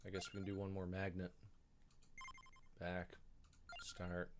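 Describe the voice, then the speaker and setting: A man's voice: sits low, completely flat delivery, measured pace, slight background noise. A man giving casual, rambling commentary while streaming a video game, thinking aloud and grumbling as he goes. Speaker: gaming streamer.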